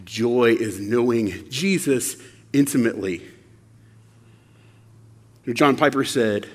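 A man preaching a sermon, conversational and animated, asking the audience rhetorical questions. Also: mid-range voice, slow, long pauses, big-room sound. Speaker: pastor.

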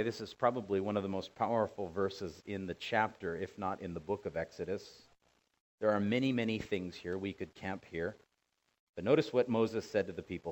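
A middle-aged man preaching a sermon, dramatically acting out quoted voices and building to loud commands. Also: lowish voice. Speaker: pastor.

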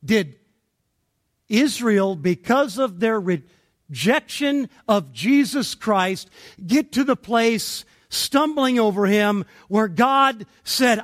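A man preaching an expository sermon, deliberate and emphatic, pausing between phrases. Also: high-pitched, animated. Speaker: pastor.

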